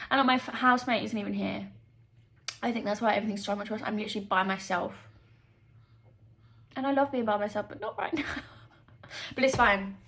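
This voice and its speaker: A woman's voice: mid-range voice, a little fast, long pauses, fairly bright tone. A woman vlogger talking candidly to camera, emotional and confessional, often tearful and laughing between fillers. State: tearful at times. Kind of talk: candid personal vlog to camera.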